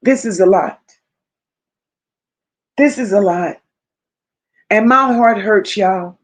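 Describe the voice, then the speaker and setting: Taking her time, a woman with a mid-range voice reads her live chat on stream. She reacts emphatically with repeated phrases and talks to viewers by name.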